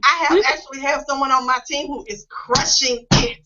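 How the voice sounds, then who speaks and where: Host, woman, high bright voice, effusive and encouraging, dull lo-fi web call sound. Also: normal speed. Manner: upbeat, emotional, encouraging. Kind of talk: casual online team call. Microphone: video call.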